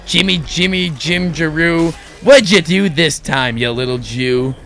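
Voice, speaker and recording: A man's voice: on the high side, measured pace, gravelly, a bit bright. A man voicing a female school secretary with a sing-song, scolding manner.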